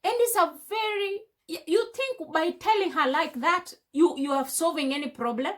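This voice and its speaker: High-voiced woman vlogging. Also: moderate pace, fairly bright tone. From Africa. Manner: impassioned, full of rhetorical questions. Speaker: beauty vlogger. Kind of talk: casual chat while doing makeup. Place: indoors at home.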